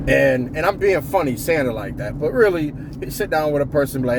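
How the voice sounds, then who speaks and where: A man's voice: on the high side, animated, brisk, hardly any pauses, heavy background noise. A man vlogging in a casual, profane monologue with a blunt, joking manner. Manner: joking, blunt, swears a lot, slips into impressions. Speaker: vlogger giving workplace advice.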